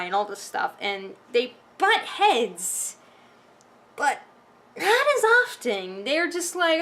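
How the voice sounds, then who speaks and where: A woman's voice: on the high side, animated, unhurried, fairly bright tone. A woman vlogging from home, ranting casually with lots of restarts and fillers. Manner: rambling, frustrated, many restarts and fillers.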